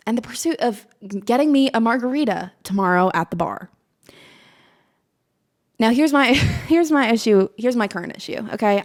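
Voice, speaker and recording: A woman in her twenties, a college student from Maryland, talking to the camera in a casual, self-mocking chat with a slight put-on Southern twang and frequent laughs. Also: mid-range voice. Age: 20s. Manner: chatty and animated, self-mocking, laughs often. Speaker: vlogger. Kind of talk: casual stream-of-consciousness chat.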